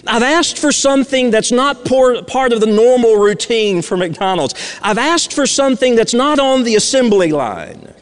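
Male preacher, high voice; storytelling sermon; reverberant sanctuary sound. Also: animated, normal speed, hardly any pauses. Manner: storytelling, swings from loud emphasis to hushed near-whispers.

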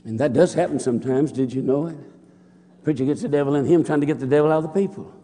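A man's voice: on the high side, fast, warm tone, big-room sound, slight background noise. A man preaching a sermon, telling folksy anecdotes and often repeating "and he said.". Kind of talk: sermon storytelling.

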